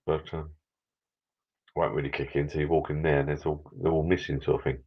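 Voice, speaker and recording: Older man, very deep voice, chatty live-stream host, slightly dull lo-fi sound. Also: flat delivery, brisk, slightly rough. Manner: rambling, chatty, sentimental. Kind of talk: casual chat. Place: backyard garden bar shed.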